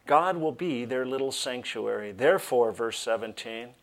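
A man's voice: mid-range voice, moderate pace, hardly any pauses. A male pastor preaching a sermon, reading scripture aloud with emphasis and breaking off for joking asides. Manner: animated preaching with humorous asides.

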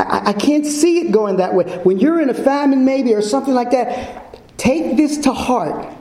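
A man delivers an informal sermon at an unhurried pace, his voice pitched high for a man and mellow in tone. He presses his points with emphatic rhetorical questions aimed at his listeners. The recording carries a noticeable echo from the room. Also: creaky. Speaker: Bible teacher. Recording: echoey room.

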